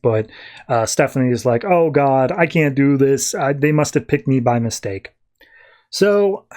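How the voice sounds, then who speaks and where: A man's voice: medium pitch, a little mellow. Casual podcast man recapping. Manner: loose, filler-heavy retelling with frequent "like". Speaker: podcast host. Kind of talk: casual comic book review recap.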